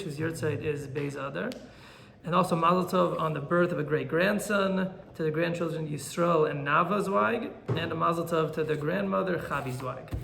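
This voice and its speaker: The recording, echoey and roomy with a faint ambient hum beneath, captures a rabbi giving a Torah class. His male voice is high and gravelly, and he tells stories animatedly, voicing the people in them with lively energy.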